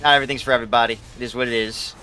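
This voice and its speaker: A man's voice: mid-range voice, steady tone, very fast, pushed and bright, a little hiss or hum. A young man, a game streamer rambling casually and profanely while he answers his chat.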